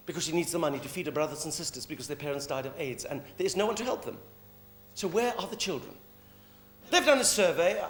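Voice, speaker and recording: Captured in a roomy live recording with a faint hum, this stage comedy monologue comes from a middle-aged South African man. His voice is high-pitched and a bit bright as he mocks and provokes from the theatre stage.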